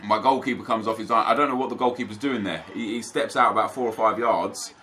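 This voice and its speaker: A man's voice: fairly low pitch, fast, sharp tone. A young man giving casual, chatty commentary over his own football video game matches for viewers. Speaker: gaming YouTuber.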